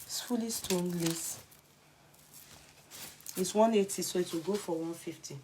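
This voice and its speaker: A Nigerian woman talking straight to her viewers in a casual vlog. Her voice sits a little low, and she swings between firm, preachy urging and hushed asides. There is a faint hum of ambient noise behind her. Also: a little slow. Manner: emphatic, preachy encouragement, often dropping to a whisper. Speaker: vlogger selling clothes. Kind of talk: casual live chat to viewers.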